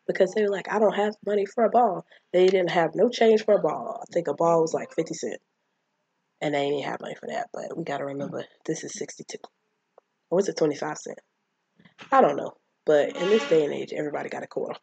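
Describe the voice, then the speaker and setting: A woman's voice: deep voice, quick pace, gravelly, darkish tone, husky, no room sound. A woman casually recapping a film, rambling and acting out the characters' lines. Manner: rambling, acts out quotes of characters. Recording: dull lo-fi mic.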